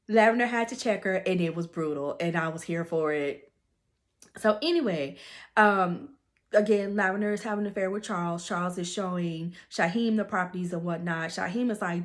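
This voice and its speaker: A woman with a lowish voice recapping a story in chatty, gossipy fashion, full of fillers and asides. She sounds like she is spilling the tea to a friend. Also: moderate pace. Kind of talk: casual plot recap.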